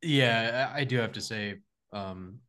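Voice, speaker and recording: A young man co-hosting a casual movie podcast, rambling with many fillers and getting animated when he jokes. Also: mid-range voice, a little slow. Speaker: podcast co-host. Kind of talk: casual movie review chat.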